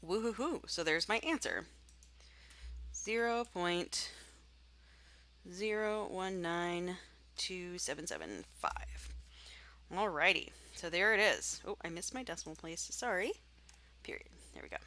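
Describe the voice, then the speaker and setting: Bright-voiced woman teaching stats software. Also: fairly low pitch, lively intonation, measured pace, pauses often. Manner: chatty, thinks aloud while clicking. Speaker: statistics instructor. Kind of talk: screen-recorded software tutorial.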